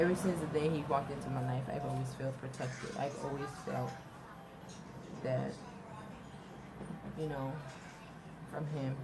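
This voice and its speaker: A young woman telling a personal story in a casual, halting way, often repeating and restarting her words. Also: deep voice, very noisy. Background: music.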